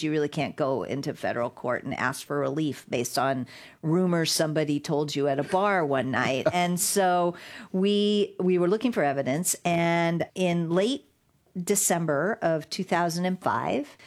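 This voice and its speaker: A middle-aged woman, a guest lawyer, telling a story in an interview and acting out the quotes. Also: low-pitched. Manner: animated storyteller, acts out quotes with laughs. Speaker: guest, digital rights lawyer.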